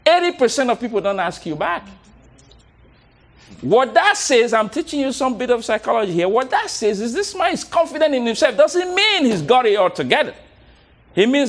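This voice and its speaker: With a very high-pitched voice, a male coach animatedly motivates a live audience. He laughs frequently, repeats words, and invites the crowd to join in.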